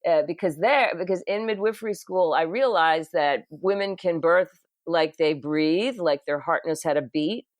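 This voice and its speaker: An older woman with a lowish voice tells a personal story as a nurse-midwife guest in an interview. She is animated, laughs often, and restarts her sentences with plenty of fillers. The sound is close and dry, with no room echo. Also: moderate pace.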